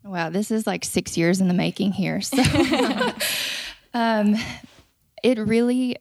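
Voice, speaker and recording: A woman guest who is a mother, speaking thoughtfully with "um" pauses. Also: medium pitch, fairly even intonation, vocal fry, no echo. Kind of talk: reflective conversation.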